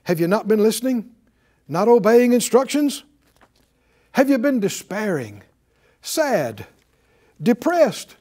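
A man's voice: high voice, big pitch swings, darkish tone. A man preaching a sermon, leading his listeners to repeat lines and asking a list of emphatic questions. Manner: slow, deliberate preaching with call-and-response. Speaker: pastor.

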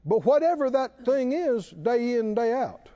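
A man's voice: very high-pitched, very animated, unhurried, warm tone, muffled recording. A man preaching a sermon, drawing call-and-response replies from his congregation. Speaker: pastor.

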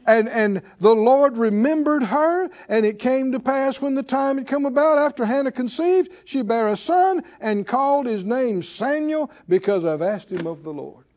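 A man's voice: very high-pitched, expressive, normal speed, few pauses, a little mellow. A man preaching a sermon in a conversational way, calling out questions to the congregation.

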